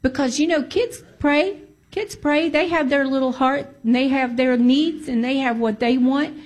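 A woman's voice: high-pitched, steady tone, moderate pace, darkish tone. A woman giving a testimony to a congregation, emphatic and repeating phrases for stress. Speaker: church speaker giving testimony.

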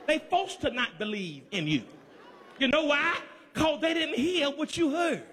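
A man's voice: unhurried, long reverb tail, some chatter behind, a little hiss or hum. A man with a Southern accent, from Georgia, preaching a sermon in a rhythmic, repetitive cadence and calling out to the congregation. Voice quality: high, lively voice, often shouting.

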